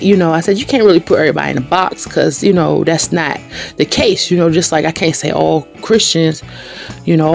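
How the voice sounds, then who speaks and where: Animated woman host telling a story. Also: vocal fry. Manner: animated, swings to high excited pitch when retelling anger. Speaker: podcast host. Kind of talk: casual storytelling monologue.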